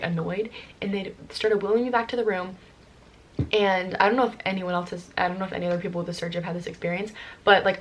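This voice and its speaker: Fast-talking young woman, full of fillers. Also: on the low side. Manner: rushed, filler-heavy with constant "like" and "um". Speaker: vlogger. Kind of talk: casual personal storytelling.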